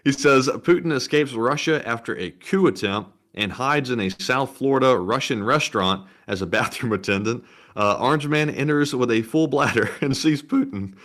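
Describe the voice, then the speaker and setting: A man's voice: mid-range voice, moderate pace, a bit bright. A man co-hosting a stream, reading out donations in an easygoing, amused way. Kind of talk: casual stream chat.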